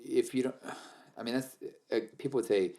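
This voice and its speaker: A man's voice: medium pitch, fairly quick, warm tone. A man co-hosting a podcast, adding reflective comments and agreeing often in a casual faith talk. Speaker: podcast co-host.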